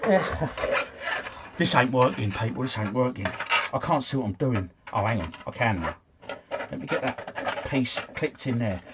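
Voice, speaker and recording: A man's voice: medium pitch, animated, measured pace, very noisy. A man hosting a casual quiz livestream from home, chatting, chuckling and answering comments from his viewers.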